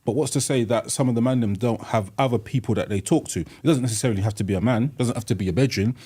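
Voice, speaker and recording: A man's voice: mid-range voice, fast talker, warm tone, slightly rough. A middle-aged man, co-hosting a group chat, often stumbling over repeated words before making a point. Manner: hesitant, repeats words when starting a point. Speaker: podcast co-host.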